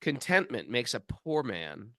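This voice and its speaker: A man co-hosting a casual spiritual discussion podcast, an animated storyteller who often restarts his sentences. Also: medium pitch, a little slow, dry recording, clean studio sound. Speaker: podcast co-host.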